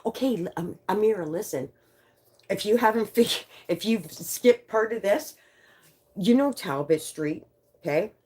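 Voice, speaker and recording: A woman in her fifties hosting a livestream, chatting with viewers in an animated way, swearing freely and reading out their comments. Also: medium pitch, unhurried, slightly rough. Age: 50s. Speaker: livestream host. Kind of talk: casual livestream chat with viewers.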